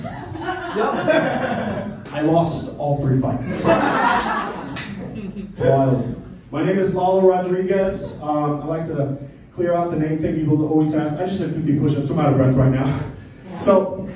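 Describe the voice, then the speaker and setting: High-voiced comedian in an echoey theater. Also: male voice. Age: 20s. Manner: brash, profane crowd banter. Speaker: stand-up comedian. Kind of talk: stand-up set. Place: small black-box theater. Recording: echoey room from far off, loud audience.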